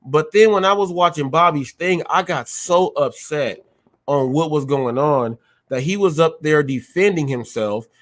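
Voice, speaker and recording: A man's voice: on the high side, a little slow, fairly bright tone. A man hosting his own live show, ranting combatively at viewers and repeating phrases for emphasis. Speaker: live-stream show host. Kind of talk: heated live-stream rant.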